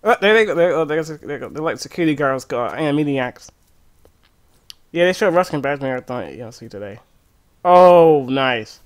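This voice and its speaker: A man chatting casually on a live game stream from home, animated and excitable, often laughing. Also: on the high side, fairly quick, smooth. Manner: animated, excitable, often laughing and breaking into movie-line impressions. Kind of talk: casual live-stream chat while playing.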